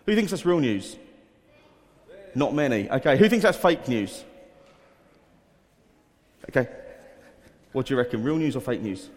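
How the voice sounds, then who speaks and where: A man's voice: mid-range voice, sing-song, a little slow, pauses often. Upbeat male teacher in an echoey hall. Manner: upbeat, coaxing, reads headlines aloud. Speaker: teacher leading a school assembly quiz. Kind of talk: addressing a room of children. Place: school hall.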